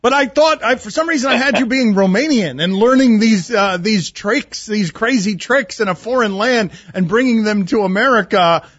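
A male sports radio host interviewing a guest with playful excitement. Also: high voice, normal speed, few pauses, no echo, lo-fi sound.

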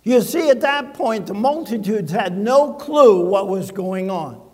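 Slow, high-voiced older man preaching. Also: lively intonation, darkish tone, long reverb tail. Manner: storytelling with humor and dramatic pauses. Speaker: pastor. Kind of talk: sermon.

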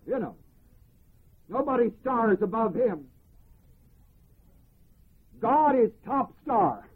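A man preaching a sermon, reading scripture slowly and emphatically and explaining each phrase. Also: very high-pitched, husky. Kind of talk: sermon, Bible teaching. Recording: tinny phone-like lo-fi recording.

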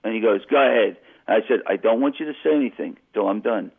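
Gravelly-voiced man storytelling over a phone line. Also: fairly low pitch, fast talker. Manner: animated anecdote with acted-out quotes. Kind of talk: storytelling on a call-in radio show.

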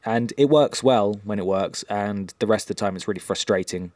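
A man's voice: fairly low pitch, moderate pace, a little mellow, dry recording. A man co-hosting a podcast in casual chat, rambling and hesitant with lots of um and uh. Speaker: podcast co-host.

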